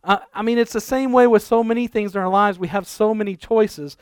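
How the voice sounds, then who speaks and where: Man preaching a sermon, high clear voice, dry close sound, chatty storytelling. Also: brisk, darkish tone, no room sound. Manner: conversational storytelling with asides. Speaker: pastor. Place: church.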